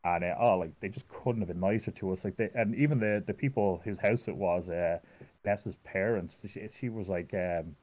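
A man's voice: low voice, normal speed. A man in his thirties from Ireland with an Irish accent, telling stories in a casual chat with lots of fillers and restarts. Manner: rambling storyteller, many fillers and restarts. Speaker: guest. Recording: dull lo-fi audio.

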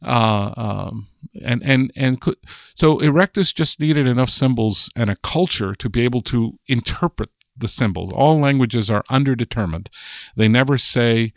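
A man's voice: mid-range voice, moderate pace, creaky, dry recording, studio quality. An American man, a guest linguist on a podcast, explaining ideas patiently and thinking aloud as he goes. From United States. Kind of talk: podcast interview.

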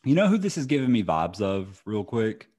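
Young guy cohosting a crime podcast, low voice, dry jokey banter. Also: very animated, normal speed, dark tone. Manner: dry joking banter, wry asides. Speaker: podcast co-host. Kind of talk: casual true-crime podcast chat.

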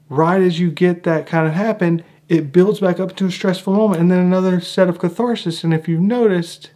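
A man giving an enthusiastic monologue breaking down a film, stretching out words for emphasis and acting out reactions. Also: on the high side. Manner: animated, drawn-out emphatic phrasing with acted-out reactions. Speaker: film analyst.

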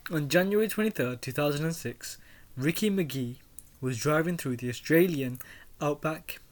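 Young co-host, mid-pitched voice, playful and teasing, hushes for story beats. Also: normal speed. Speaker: podcast co-host telling a true story. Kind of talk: casual chat with storytelling.

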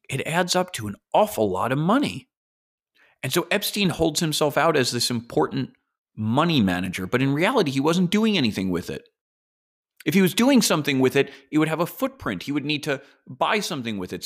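A man hosts a solo podcast and tells a story in a loose, casual way. He speculates aloud and throws in the odd curse word. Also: fairly high pitch. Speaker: podcast host.

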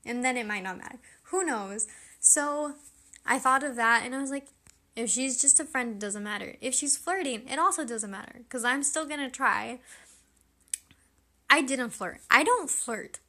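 Young female podcast host, high voice, chatty and giggly storyteller. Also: moderate pace, bright, forceful tone. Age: young adult. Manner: chatty, giggly, self-deprecating, many fillers. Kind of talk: casual storytelling monologue.

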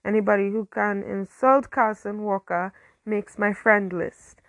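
An excitable, friendly high-school girl who is always eager to gush, as a woman reading a story puts her on. The voice has a creaky, gravelly texture and a dry, close sound. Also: unhurried, no room sound, lightly acted. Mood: bubbly. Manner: bubbly, eager.

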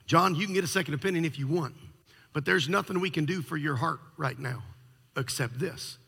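A man's voice: a little high, brisk, vocal fry, pushed and bright, breathy edge, full character voice. A preacher voicing a blunt male doctor who talks firmly and matter-of-factly. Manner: firm, matter-of-fact. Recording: long reverb of a large hall.

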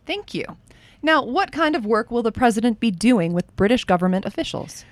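A woman's voice: fairly high pitch, very animated, fairly quick, no echo. A woman hosting a comedy news radio parody as a dry, patient interviewer. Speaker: radio show host.

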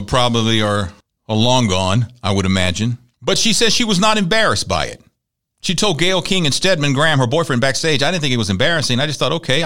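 A man's voice: medium pitch, fairly bright tone. A man hosting a talk show, casually running through news and celebrity gossip with wry asides and laughs at his own jokes.

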